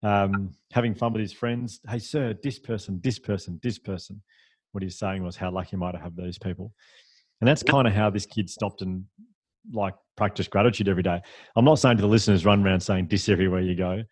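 A man who is a podcast guest, telling stories in a lively, chatty, self-deprecating way. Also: sits low, fast, dry recording. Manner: animated, chatty, self-deprecating, with fillers and laughs. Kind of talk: conversational storytelling.

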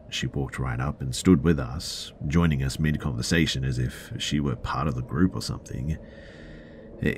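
A man hosting a podcast, reading a listener's first-person story aloud in a measured storytelling way with the odd filler. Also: very deep voice, darkish tone, slight background noise. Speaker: podcast host.

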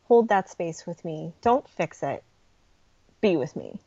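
A middle-aged woman, a guest on a podcast, speaking earnestly and gently about grief support, with frequent pauses and ums. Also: lowish voice, sing-song, creaky, slightly rough, no room sound, dull audio. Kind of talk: podcast interview conversation.

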